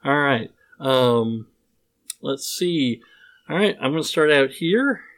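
A man's voice: medium pitch, animated, slow, a bit bright. Brief: male podcast host, jokey and teasing, mid-range voice, casual reads. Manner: playful, jokey, reads listener answers aloud.

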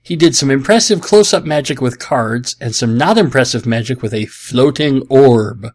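A man's voice: mid-range voice, animated, moderate pace. Sarcastic, rambling man hosting a podcast. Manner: sarcastic, self-mocking, rambling asides. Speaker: podcast host answering listener questions. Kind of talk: casual comedic chat.

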